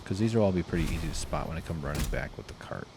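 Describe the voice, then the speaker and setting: A man telling a rambling story while playing a game, swearing freely and doing loud impressions. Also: a bass voice, rapid-fire, vocal fry, heavy background noise. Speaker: streamer. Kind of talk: casual gameplay commentary. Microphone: desk mic with face cam.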